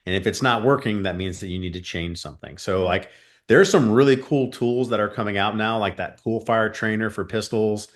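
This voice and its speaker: A man's voice: on the low side, a little fast. A man speaking as a guest on a podcast, an earnest shooting coach rambling casually with many fillers. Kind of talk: casual interview chat.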